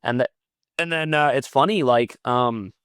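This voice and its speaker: A man's voice: medium pitch, a little slow, a bit bright, clear, resonant tone, no room sound, clean studio sound. A man, a podcast guest and metal vocalist, telling long stories in casual chat over a video call. He acts out quoted back-and-forths and swears often.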